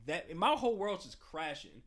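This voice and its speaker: Young man telling a story, very animated. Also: sits high, normal speed. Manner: animated, acts out scenes with sound effects and quoted voices; profane, slangy. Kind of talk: casual storytelling chat.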